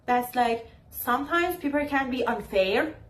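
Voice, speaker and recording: A woman's voice: high-pitched, expressive, a little slow, slight background noise. A woman with giving advice straight to camera in a casual, emphatic way, repeating her phrases and acting out her own comebacks.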